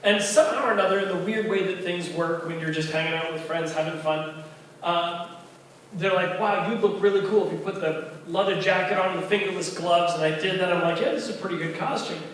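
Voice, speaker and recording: A man's voice: sits high, a little fast, a little hiss or hum. A man telling a story at an open mic night in a bar, acting out the voices of the people in it. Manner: animated, acts out voices of kids and friends. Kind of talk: spoken storytelling. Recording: echoey bar from far off.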